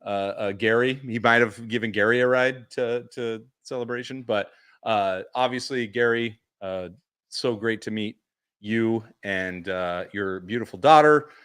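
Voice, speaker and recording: A man's voice: measured pace, clear, resonant tone. A man co-hosting a podcast, chatting casually and telling convention stories, acting out what people said with big jumps in his voice. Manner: animated storyteller, acts out quotes with big pitch jumps. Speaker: podcast co-host. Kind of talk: casual chat recap.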